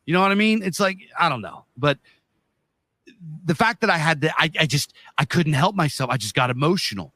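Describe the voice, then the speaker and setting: A man, co-hosting a podcast, ranting in a heated, profane way that swings between loud and quiet. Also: medium pitch, dry recording. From United States. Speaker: podcast co-host. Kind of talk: casual podcast rant.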